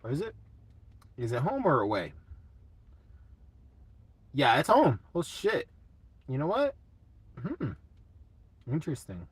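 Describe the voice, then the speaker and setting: A man's voice: a little high, huge pitch swings, slow pace, pauses often, breathy edge, no room sound. A young man hosting a casual live chat, laid-back and swearing a lot while answering comments.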